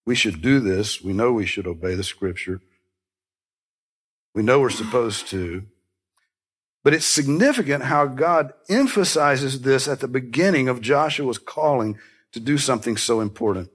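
Speaking at a moderate pace in a mid-range, slightly rough voice, this man delivers a sermon with earnest emphasis. He's a pastor who repeats his key lines and drifts into conversational asides and self-corrections.

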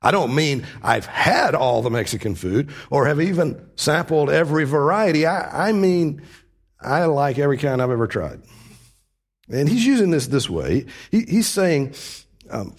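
A man's voice: a little high, big pitch swings, moderate pace. A man preaching a sermon, explaining scripture with earnest, emphatic repetition.

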